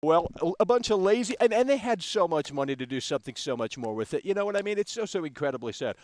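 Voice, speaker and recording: Man, gaming stream host, brash combative rant, high voice, very animated, close mic. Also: fast, hardly any pauses. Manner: brash, combative, swings into loud outbursts. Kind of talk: ranting livestream commentary.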